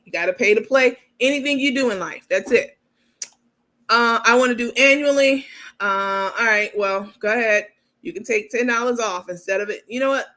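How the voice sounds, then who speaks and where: A blunt, sassy woman hosting a live stream, swearing freely and talking straight to her viewers. Her voice is bright and forceful, and she reads viewer comments aloud between her remarks. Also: mid-range voice. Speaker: host of a live gossip commentary show.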